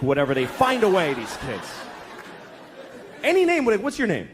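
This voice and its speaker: A man's voice: high voice, huge pitch swings, moderate pace. Exasperated profane stand-up comedian, man. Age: 30s. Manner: profane, exasperated, acts out voices. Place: comedy club stage with laughing audience. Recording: live club recording with crowd noise.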